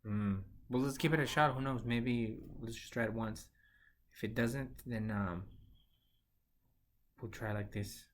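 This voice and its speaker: Man, mid pitch, hesitant with fillers, casual call. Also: steady tone, a little slow, long pauses, slight background noise. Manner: hesitant, with many fillers and restarts. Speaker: video call participant.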